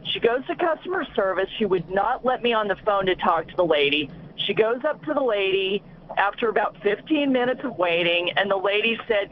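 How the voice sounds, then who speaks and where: A woman's voice: medium pitch, lively intonation, moderate pace. A woman calling in to a talk show, indignantly retelling a complaint in a rush. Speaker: caller. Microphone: phone. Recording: tinny phone line with faint hiss.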